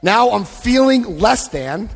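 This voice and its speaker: A middle-aged American man addresses a recovery convention, joking and lively, acting out the voices in his stories. His voice sits a little high for a man. The sound carries a long reverb from the large hall. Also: slow pace, vocal fry. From United States. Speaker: AA convention speaker. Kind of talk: animated storytelling talk.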